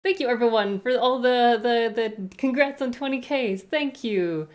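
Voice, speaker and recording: A woman's voice: a little high, measured pace. A woman streamer chatting casually on a live stream, greeting viewers one by one with rambling asides.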